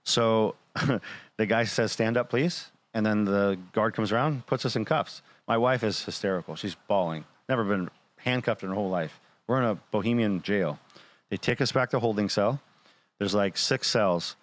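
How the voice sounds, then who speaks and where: Guy with a lowish voice telling a crazy story casually, swears a lot, does the voices of people he quotes. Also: moderate pace. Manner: animated retelling, acting out quoted dialogue; blunt, swears freely.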